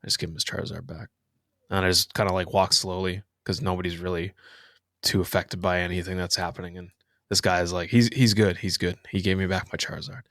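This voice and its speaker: Young male co-host, lower voice, deadpan delivery that trails off quietly, dry close recording. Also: quick pace, no room sound. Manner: deadpan, drops to a mumble for punchlines. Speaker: podcast co-host. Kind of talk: casual comedic banter.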